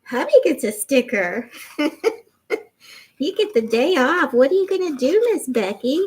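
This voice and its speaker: Middle-aged lady chatting on her craft livestream, voice a bit on the high side, reads out comments. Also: animated, a little slow, low-quality recording. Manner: chatty, warm, reads viewer comments aloud. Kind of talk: casual livestream chat.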